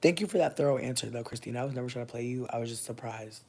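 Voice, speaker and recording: A woman in her thirties chatting casually on a livestream, answering viewers' comments, loud, profane and often laughing. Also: a bass voice, steady tone, very fast. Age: 30s. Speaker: livestream host.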